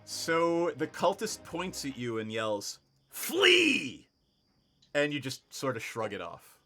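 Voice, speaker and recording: A man's voice: medium pitch, expressive, measured pace, a bit bright, soft background music. A man running a tabletop game as game master, narrating the action and laughing easily with his players over an online voice chat microphone. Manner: easygoing, laughs often while narrating.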